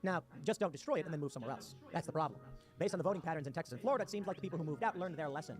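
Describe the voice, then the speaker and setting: A political commentator at his home in West Virginia livestreams sarcastic, combative commentary, with music playing underneath. His voice is on the high side, expressive, and very fast as he reads posts aloud and rants.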